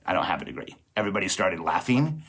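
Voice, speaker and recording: A man's voice: sits low, big pitch swings, quick pace, a bit bright. Emphatic man delivering a podcast monologue. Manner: emphatic, repetitive rallying; self-correcting restarts. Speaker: podcast host, business coach.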